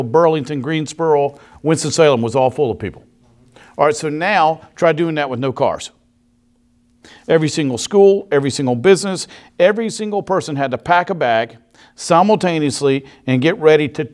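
A man preaches in a church, talking with the congregation rather than at them. His voice sits at an ordinary middle pitch, and he keeps throwing questions out to the room. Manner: conversational, asks the congregation questions. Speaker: pastor. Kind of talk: sermon. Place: church sanctuary.

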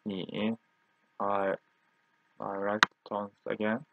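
Guy in his 20s teaching, says words over and over real slow, sounds kinda phone-like. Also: medium pitch, a little hiss or hum. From Turkey. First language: Turkish. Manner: repeats each word slowly for drilling. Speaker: language teacher. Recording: dry, tinny phone-like recording.

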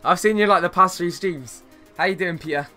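A young man livestreaming a football video game, talking in a slangy, easygoing way to his chat. His voice sits a little high and comes across bright and forward. Faint music plays behind him. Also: brisk. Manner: chatty, slangy, greets viewers, bursts of excitement at plays. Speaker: gaming streamer. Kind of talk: casual live-stream chat while playing.

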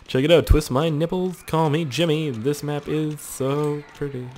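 A man giving excitable, crude let's-play commentary, swearing a lot and joking to himself. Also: fairly high pitch, measured pace, a crowd in the background. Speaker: gaming video host.

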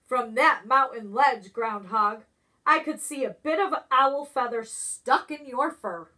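A woman voicing a proud, sharp-eyed male eagle in a storybook reading. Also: high-pitched, takes it slowly, heavily acted.

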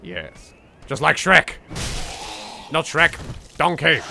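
Animated English man narrating his gameplay. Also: mid-range voice, unhurried, a little hiss or hum. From England. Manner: theatrical, jokey, swings between hushed asides and loud outbursts. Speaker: let's play host. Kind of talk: game commentary.

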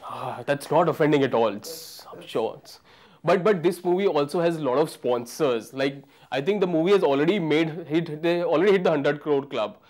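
A man's voice: on the high side, normal speed, a little mellow. A man with an Indian English accent, hosting a comic film review and joking as he switches between English and Hindi. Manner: jokey, mixes English and Hindi, acts out characters. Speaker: comedian film reviewer, show host.

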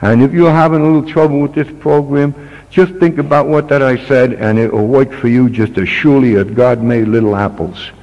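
A man's voice: mid-range voice, fairly even intonation, fairly quick. An older man, a grandfather, giving a plain-spoken, earnest talk to a recovery meeting. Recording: dull old tape with long reverb.

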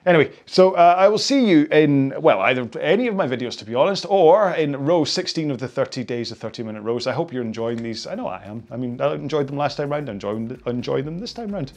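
A man's voice: mid-range voice, lively intonation, fast, hardly any pauses, a little mellow. Man, rowing instructor, casual cool-down chat, rambling, apologetic, self-deprecating.

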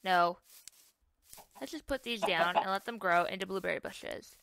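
A woman's voice: medium pitch, moderate pace, creaky, fairly bright tone. A young woman casually commenting on her own survival gameplay, chatty and self-mocking, often exclaiming at what happens. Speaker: gaming YouTuber.

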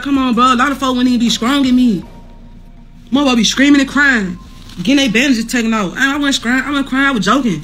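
Defiant bright-voiced woman ranting to camera. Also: on the high side. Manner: defiant, boastful, repetitive, slangy. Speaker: vlogger recovering from burns. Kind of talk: casual monologue to camera.

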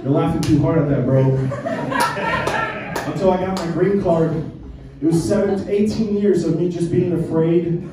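A man's voice: on the high side, fairly even intonation, normal speed, long pauses, very noisy. A man in his twenties from Colombia, doing a stand-up set with brash, profane banter with the crowd in a small black-box theater. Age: 20s. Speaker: stand-up comedian. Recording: echoey room from far off, loud audience.

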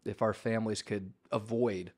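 A man hosting a faith-themed author interview, affirming his guest and asking open questions in a soft-spoken way. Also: lowish voice, steady tone, normal speed.

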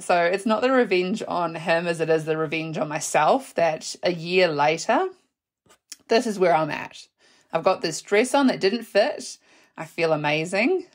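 A young adult woman, hosting her own podcast and telling a personal story in a chatty, animated way, laughing and swearing casually. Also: lowish voice. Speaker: podcast host.

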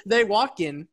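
A man's voice: very high-pitched, fairly bright tone. A young man co-hosting a podcast, chatting casually and joking with lots of laughter. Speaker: podcast co-host. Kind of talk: casual chat.

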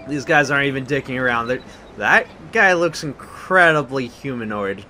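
A young man hosting a blind let's play, rambling and flustered, with many restarts when he gets excited. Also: mid-range voice, normal speed, a little hiss or hum.

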